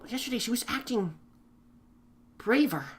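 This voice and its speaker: A woman's voice: fairly high pitch, expressive, moderate pace. A woman playing through a visual novel, reading its dialogue aloud in playful voices and chatting between lines. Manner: playful, laughs often, comments between lines. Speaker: let's player voicing game characters.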